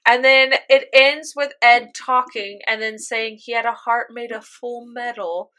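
A young woman in casual chat, animatedly retelling a story, jumping into high squeals and laughing as she voices characters. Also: moderate pace, few pauses, bright, forceful tone. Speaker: podcast co-host recapping an anime.

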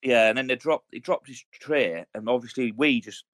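A podcast co-host in his thirties from the UK speaks in a mid-range, fairly bright voice, recorded dry. In casual chat, he spins rapid, wandering stories loaded with swearing and military slang.

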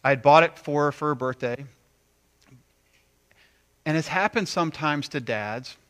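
A man preaching a sermon, animated, acting out quoted voices with big swings between loud and quiet. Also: a little high, unhurried, clear, resonant tone. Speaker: pastor.

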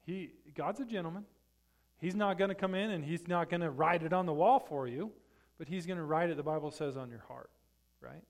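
A man's voice: fairly high pitch, fairly quick. Man, pastor, sermon, conversational, checks in with listeners. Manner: conversational, checks in with the congregation often. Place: church sanctuary.

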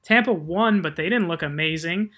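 Bright chatty man. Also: on the high side. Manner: measured, chatty, laughs easily. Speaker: podcast co-host. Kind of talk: casual sports chat.

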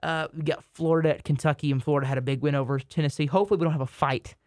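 A young man co-hosting a casual sports podcast, joking and rambling with quick restarts. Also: on the high side, steady tone, a little mellow, no room sound, studio quality. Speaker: podcast co-host.

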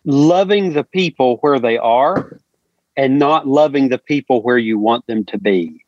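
A man's voice: mid-range voice, darkish tone, no room sound. Man asking questions on a dull line. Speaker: host. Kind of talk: interview questions. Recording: dull, dry lo-fi sound.

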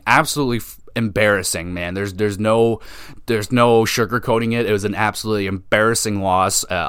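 A man's voice: fairly low pitch, a bit bright, no room sound, studio quality. A young man hosting a casual hockey podcast, rambling and cursing in frustration. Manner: frustrated, profane, rambling rant. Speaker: podcast host.

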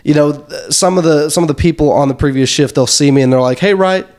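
A young man on a podcast telling rambling work anecdotes in a relaxed, casual way. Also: a little high, fast talker. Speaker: podcast co-host. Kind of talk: casual chat.

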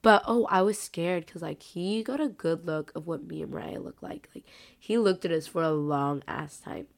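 A woman's voice: fairly low pitch, normal speed, vocal fry. A young woman in her late teens, hosting her own podcast alone, chatting casually and rambling with lots of filler words while she is sick. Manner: rambling, heavy use of "like" fillers. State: sick, congested voice. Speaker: podcast host. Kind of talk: casual solo podcast chat.

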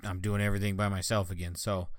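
Low, smooth-voiced man, dry close sound. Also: level tone, quick pace, no echo. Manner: laid-back and blunt, teasing. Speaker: podcast co-host. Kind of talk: casual chat.

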